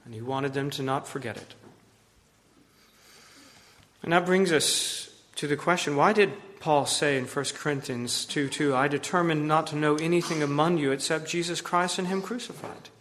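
A man preaching a sermon with earnest emphasis, rising to loud points and dropping to hushed low phrases. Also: moderate pace, a little hiss or hum. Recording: long hall reverb.

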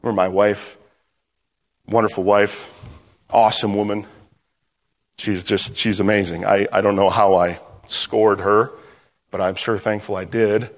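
Male pastor, middle-aged, conversational sermon delivery with lively and hushed turns; long hall reverb. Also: fairly low pitch, measured pace, long pauses.

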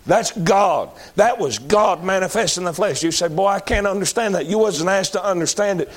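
A man's voice: high voice, expressive, moderate pace. A man preaching a sermon in a folksy, emphatic manner.

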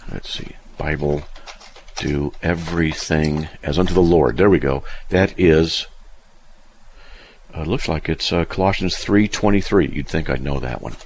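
Husky low-voiced man telling stories. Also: measured pace, a little mellow. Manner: rambling storyteller, restarts, looks up verses aloud. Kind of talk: conversational teaching on a live stream.

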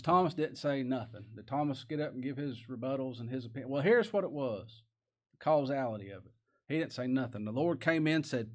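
A man preaching a sermon, folksy and plain-spoken, asking the congregation rhetorical questions and reading scripture aloud. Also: medium pitch. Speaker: pastor.

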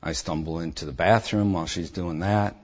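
A man bluntly and intensely telling his personal testimony, with a husky voice. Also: deep voice, fairly even intonation, brisk, lo-fi sound. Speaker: speaker giving a personal testimony.

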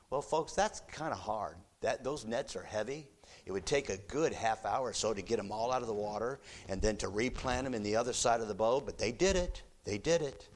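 Delivering a sermon in a church, this man narrates a story fairly quickly and with plenty of animation, alternating soft, low asides with loud bursts of excitement.

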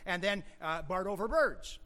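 A pastor delivering a sermon in a high, bright man's voice. He plays with alliterative wordplay. His explanations start quiet and swell into loud, emphatic shouts. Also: expressive, normal speed.

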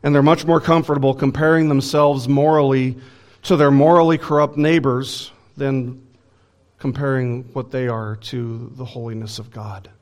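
A man preaching from the pulpit at a mid-range pitch, working through scripture verse by verse. He swings between emphatic, rising declarations and hushed, solemn drops, and sometimes acts out the voices in the text. The delivery is deliberate and earnest. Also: fairly even intonation. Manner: expository preaching with dramatic pauses and emphatic rises; voices scripture quotes and acts out paraphrased dialogue. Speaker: pastor. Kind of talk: sermon.

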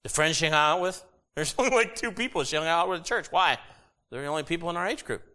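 A middle-aged man preaching a sermon, animated and jokey with sudden loud bursts. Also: on the high side, quick pace. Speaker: pastor.

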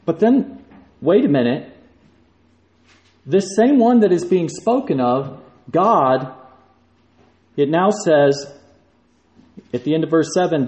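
A man's voice: mid-range voice, expressive, a little slow, pauses often, darkish tone. A man preaching a sermon, emphatic and rising in force when he quotes scripture. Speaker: pastor. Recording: echoey room.

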